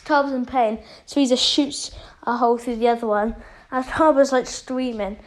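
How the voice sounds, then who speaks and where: A woman's voice: on the high side, steady tone, moderate pace, low-quality recording. A woman casually retelling a fan story, rambling with many fillers.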